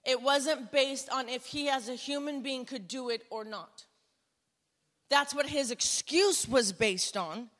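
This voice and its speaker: A woman preaching a sermon, conversational and storytelling, building to emphatic, loud exclamations. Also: sits high. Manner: conversational storytelling with self-talk asides. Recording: long hall reverb.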